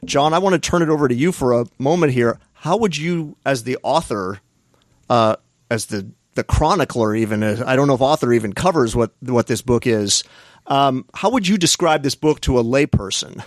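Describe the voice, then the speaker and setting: A man's voice: mid-range voice, lively intonation, moderate pace, no echo, clean studio sound. A man hosting a podcast, introducing a guest in a casual, easygoing way. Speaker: podcast host.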